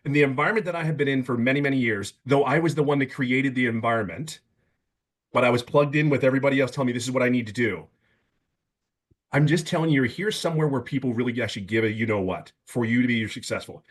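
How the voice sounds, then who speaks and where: A man in his fifties giving an emphatic, casual testimonial on a webinar video call, stumbling over words when excited. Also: mid-range voice, fast talker. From California. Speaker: webinar guest.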